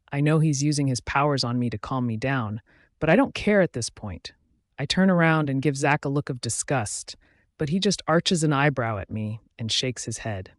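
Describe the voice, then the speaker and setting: A man giving steady first-person audiobook narration of a scripted story. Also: mid-range voice, no echo, studio quality.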